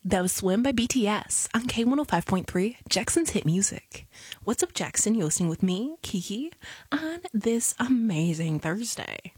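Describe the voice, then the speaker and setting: A young woman radio DJ chatting casually between songs, animated and self-mocking. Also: mid-range voice, normal speed, slightly rough, dry recording.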